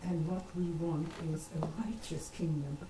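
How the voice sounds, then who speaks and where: A woman's voice: deep voice, steady tone, moderate pace, reverberant, background noise. A woman from a home congregation adding an earnest, emphatic comment to a sermon. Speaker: congregation member.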